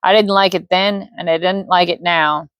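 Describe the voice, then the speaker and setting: A woman casually reading a fantasy bedtime story aloud, relaxed, with offhand slips and asides. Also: fairly low pitch, moderate pace, no echo, lo-fi sound. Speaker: audiobook reader.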